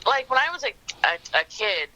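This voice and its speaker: A woman's voice: on the high side, sing-song, moderate pace, sharp tone, low-quality recording. A middle-aged woman from Southern California, chatting as a podcast guest and rambling with lots of fillers. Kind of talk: casual chat.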